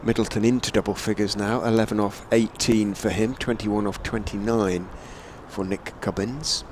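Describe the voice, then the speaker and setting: A man calls a one-day cricket match ball by ball in a low, easy voice. He chats between deliveries and lifts his energy when a shot races to the boundary. A faint hum of outdoor noise sits behind him. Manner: measured, chatty, lifts to excited calls on big shots. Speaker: cricket commentator. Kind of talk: radio-style ball-by-ball commentary. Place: commentary position on a stadium hotel roof.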